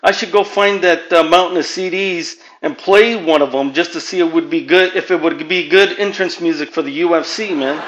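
A man's voice: on the high side, moderate pace, hardly any pauses, fairly bright tone, low-quality recording. A man from Southern California doing a profane, rambling stand-up monologue as a podcast host, dropping Spanish phrases into his English. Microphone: home podcast mic.

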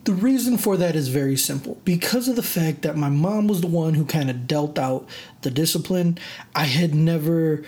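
A vlogger telling a personal story in a casual rant, animated and dramatic, with many fillers and restarts. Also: mid-range voice, moderate pace.

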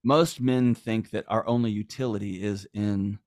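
A man's voice: fairly low pitch, fairly even intonation, normal speed, darkish tone, no room sound. Man, middle-aged, earnest, emphatic, podcast guest, dry close mic. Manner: earnest, emphatic, acts out quoted lines. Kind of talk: conversational podcast talk.

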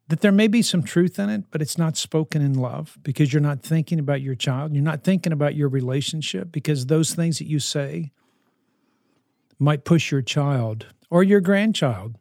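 A man's voice: on the high side, a little mellow, no echo, studio quality. An older man and grandfather giving an earnest, emphatic talk to grandparents, repeating his key phrases. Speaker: speaker on grandparenting.

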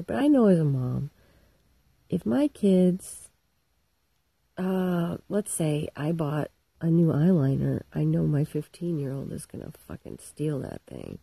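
A woman's voice: sits low, sing-song, measured pace, creaky, long pauses, mellow, slightly rough, dry recording, low-quality recording. A middle-aged woman telling a story in a casual, irreverent and profane comic monologue.

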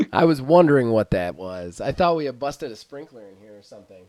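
A man co-hosting a gaming podcast, chatting casually in an excited, self-deprecating, rambling way. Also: mid-range voice, dry recording. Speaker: podcast co-host. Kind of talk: casual chat.

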